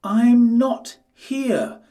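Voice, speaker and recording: A man reading a storybook aloud and voicing the little pig brothers in a high, squeaky falsetto. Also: animated, extremely slow, mellow, heavily acted. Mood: scared.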